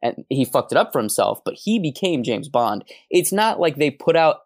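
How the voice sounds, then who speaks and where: A man's voice: a little high, no room sound, studio quality. Wordy, analytical man on a podcast. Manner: animated, wordy, analytical, jumps into quick asides. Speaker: podcast co-host. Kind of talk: casual podcast discussion.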